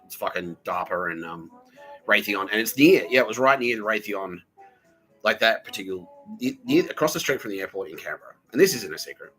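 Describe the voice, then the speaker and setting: A man's voice: fairly low pitch, animated, fairly quick, a bit bright, faint music behind. A man hosting a podcast, telling a rambling, profane story and slipping into mocking whispers and put-on voices. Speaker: podcast host. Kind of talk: rambling monologue.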